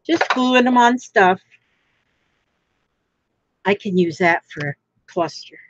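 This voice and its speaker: A woman's voice: medium pitch, expressive, slow pace, dull audio, a little hiss or hum. A woman from Florida who chats casually while crafting on a livestream and reads out viewer comments. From Florida, United States.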